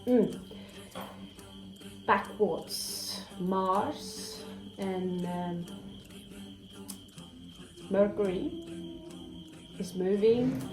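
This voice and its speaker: A woman reads tarot and astrology in an unhurried, drawn-out way, wandering between ideas and pausing often. Her voice rings in an echoey room while music plays clearly underneath. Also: mid-range voice. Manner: meandering, spiritual, frequent hesitations. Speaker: tarot reader. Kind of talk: astrology and tarot reading monologue.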